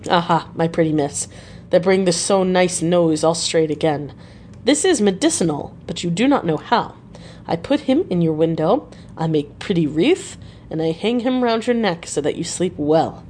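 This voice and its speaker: Old male professor, broken English, grave and fatherly, voiced by a woman reader, lowish. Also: lively intonation, moderate pace, a little mellow, slight background noise, natural voice. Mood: coaxing.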